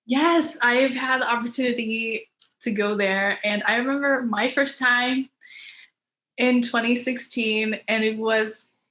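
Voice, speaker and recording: A woman's voice: fairly high pitch, fairly even intonation, a little slow, sharp tone, roomy sound. A woman guest on a podcast, chatting casually and enthusiastically with plenty of fillers. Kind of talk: casual chat.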